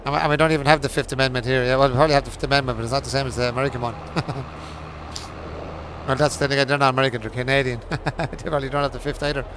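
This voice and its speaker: A farming-game livestream host talks rapid-fire in a level, medium-pitched voice, with background noise in the mix. He chats casually with his viewers, teasing them through jokey banter, laughing often and swearing freely.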